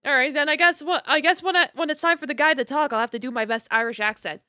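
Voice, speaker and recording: A woman streamer reading a visual novel aloud with expressive narration, broken up by casual asides and laughter. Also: high voice, quick pace, hardly any pauses, no room sound, clean studio sound, faint music behind.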